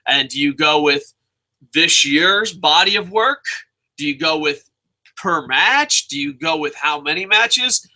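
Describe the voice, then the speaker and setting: A young man giving his wrestling award picks in a casual, profane, animated vlog, sometimes mocking fans in put-on voices. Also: fairly high pitch, measured pace, poor audio. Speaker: wrestling vlogger.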